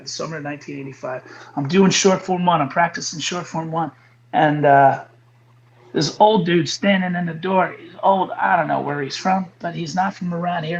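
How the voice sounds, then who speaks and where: Gravelly guy in his 40s telling stories, a bit high, kinda muffled audio w/ faint hum. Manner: animated storyteller, repeats phrases for emphasis. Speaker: guest, karate instructor. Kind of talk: casual interview chat.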